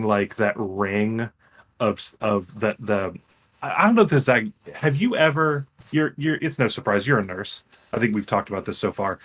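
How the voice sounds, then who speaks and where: A young man co-hosting a podcast, retelling a story in a rambling, animated way with frequent restarts. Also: mid-range voice. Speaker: podcast co-host. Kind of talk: casual chat, retelling a game.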